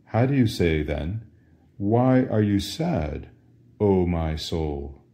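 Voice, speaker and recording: A man's voice: low voice, animated, slow, vocal fry, warm tone. A man teaching Latin altar server responses in a patient question-and-answer drill, asking how to say each phrase and then answering it. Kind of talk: slow drill-style language lesson.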